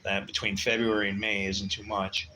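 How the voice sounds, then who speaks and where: A man's voice: on the low side, level tone, moderate pace, pushed and bright, a little hiss or hum, rough recording. A man in his sixties hosting a casual livestream, telling long rambling stories in a blunt, swearing way and muttering asides. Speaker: livestream host.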